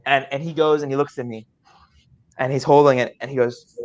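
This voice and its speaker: A young man, an improv player, telling a comic story in an excited, rambling way with many stammered restarts over a video call. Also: medium pitch, a little fast, highs cut off.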